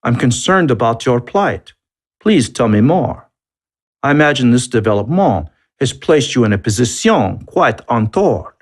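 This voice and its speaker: A man voicing a French police lieutenant in his fifties who speaks with smooth, chiding sarcasm, in a storybook reading. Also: medium pitch, big pitch swings, a little slow, pitched above the performer's own voice. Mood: sarcastic.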